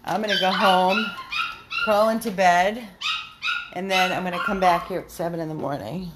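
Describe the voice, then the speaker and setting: Inside her rescue house, with dogs barking in the background, a woman hosts a casual live video, chatting with viewers, repeating herself, and pausing to talk to her dogs. She has a mid-range voice and an unhurried pace, recorded on noisy home audio.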